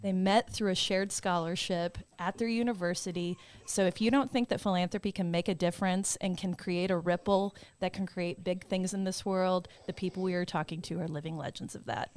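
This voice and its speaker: A woman co-hosting a podcast in casual chat, gushing and enthusiastic as she talks in rushes. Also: on the low side, steady tone, a little mellow, clear, resonant tone. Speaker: podcast co-host.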